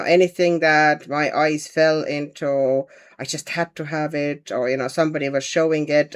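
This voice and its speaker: A woman hosting a casual livestream, chatting and thinking aloud as she paints and answers viewer comments. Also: sits low. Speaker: livestream host.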